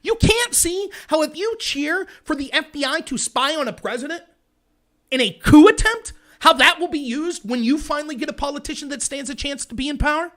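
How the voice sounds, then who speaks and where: A man hosting a political commentary livestream, ranting in an animated, sarcastic way. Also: very high voice, brisk. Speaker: host.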